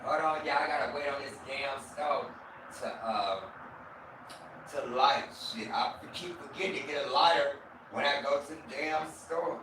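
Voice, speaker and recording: A man's voice: a little high, unhurried. A man hosting a casual livestream from his kitchen. He rambles loosely, swears freely and talks straight to his chat. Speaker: livestream host. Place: home kitchen. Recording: echoey room with background noise.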